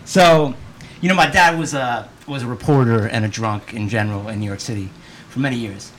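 A man telling stories as a guest in casual, profane, animated chat. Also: mid-range voice, a little fast, slight background noise.

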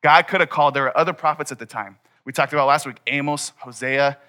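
A man's voice: medium pitch, fairly even intonation, fast talker, sharp tone, clear, resonant tone. A young man preaching a sermon to his congregation in a casual, conversational way. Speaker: pastor. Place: church hall before a congregation.

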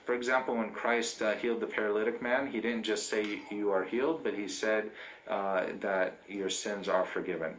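Priest guy giving a sermon, lowish voice, lots of uhs, echoey church sound. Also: steady tone, normal speed, fairly bright tone, slight background noise. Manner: unscripted, with frequent fillers and restarts.

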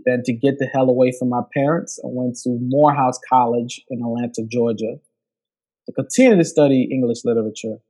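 A man's voice: medium pitch, a little fast. A man, a film director guest who tells stories in a casual, joking way. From United States. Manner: laughing, joking, animated storytelling. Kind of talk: casual interview.

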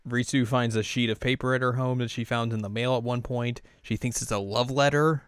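Man, podcast host, casual recap, chatty, smooth voice, dry close sound. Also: medium pitch, fairly even intonation, brisk, no echo. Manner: chatty, laughing, lots of fillers.

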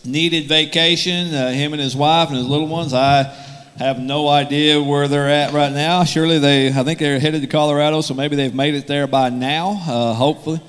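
A man's voice: a little high, steady tone, normal speed, a bit bright, clear, resonant tone, long reverb tail. A man preaching a sermon in a church with a handheld mic, joking and rambling conversationally between points. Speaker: guest preacher. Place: church sanctuary. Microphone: handheld microphone.

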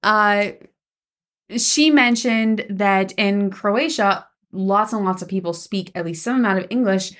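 A young adult woman co-hosting a casual podcast chat, an animated storyteller who laughs often. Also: mid-range voice, a little slow. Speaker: podcast co-host.

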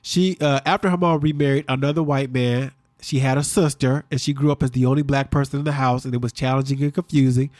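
A man co-hosting a podcast, recapping a reality show in quick, animated casual chat. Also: medium pitch, no echo. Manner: fast-talking, animated storyteller. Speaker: podcast co-host.

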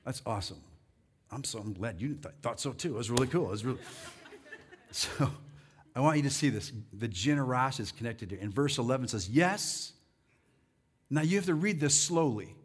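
A male pastor preaching a sermon, rallying the congregation and reading scripture slowly and deliberately. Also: mid-range voice, slightly rough. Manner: animated, rallies the crowd with "come on".

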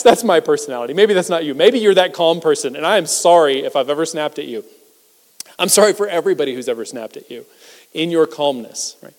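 A man preaching a sermon as pastor, talking conversationally and self-deprecatingly, swinging between loud emphasis and hushed asides. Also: fairly high pitch. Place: church sanctuary. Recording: reverberant church hall.

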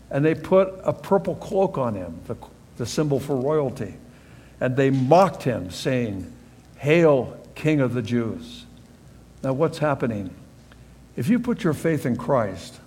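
High-voiced man preaching in a reverberant hall. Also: a little mellow, husky. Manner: earnest, reads scripture aloud and explains it verse by verse. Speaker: pastor. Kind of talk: sermon. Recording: long reverb of a large hall.

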